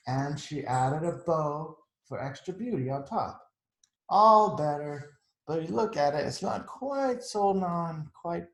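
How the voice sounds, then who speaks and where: A man with a slightly high, slightly mellow voice gives a storytime read-aloud of a picture book for children, chatty and tossing in asides about the pictures. The recording is rough, with a roomy sound.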